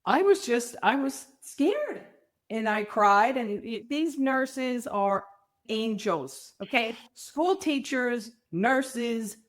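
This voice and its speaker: A middle-aged woman, a podcast guest, telling her story candidly in an animated, emphatic way. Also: a little high, slow. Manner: animated, emphatic, acts out quoted people.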